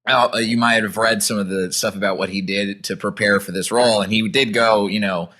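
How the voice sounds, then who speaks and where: A man hosting a casual film review podcast, thinking aloud in a measured, hesitant way. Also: fairly low pitch, fairly even intonation, sharp tone. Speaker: podcast host.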